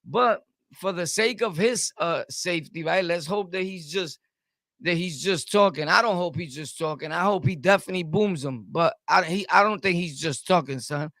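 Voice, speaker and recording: The speaker is a man whose high-pitched, fairly bright voice moves at a moderate pace over a dry, clean studio recording. Hailing from Brooklyn, New York, and carrying its accent, he hosts a stream and fires back at chat in a heated, combative rant, repeating himself constantly.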